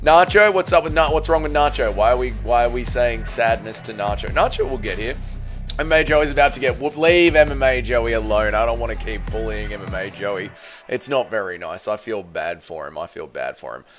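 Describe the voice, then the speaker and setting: A hoarse man with an Australian accent hosting a casual livestream, reading viewer comments with loud, playful banter. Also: mid-range voice, lively intonation, moderate pace, faint music behind. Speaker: livestream host.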